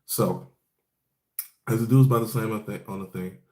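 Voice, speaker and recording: A man talks through an anime episode in a loose, rambling way, peppering it with fillers and curse words. His voice sits on the low side, and the room around him rings with a noticeable echo. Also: fairly even intonation, moderate pace, darkish tone. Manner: rambling, profane, laid-back storytelling with fillers. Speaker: anime episode recap host. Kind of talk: casual episode recap.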